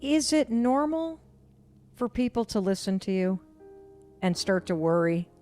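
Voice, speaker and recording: A woman's voice: medium pitch, animated, measured pace, dark tone, soft background music. A woman hosting a podcast interview, asking questions candidly and thinking aloud about herself. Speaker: podcast host. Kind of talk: interview conversation.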